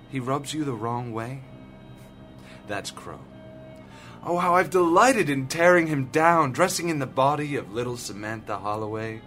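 A man's voice: medium pitch, a bit bright. An actor playing a smug male demon lord who speaks in a silky, patronizing way.

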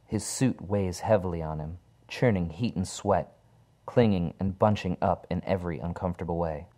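A deep-voiced man narrates a horror story. His delivery is low, dark and measured. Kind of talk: dramatic horror story reading.

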